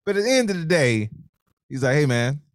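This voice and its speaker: A man's voice: fairly high pitch, very animated, brisk, no echo, studio quality. A man co-hosting a live show, telling stories animatedly, swearing freely and reading out viewer comments. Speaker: livestream co-host.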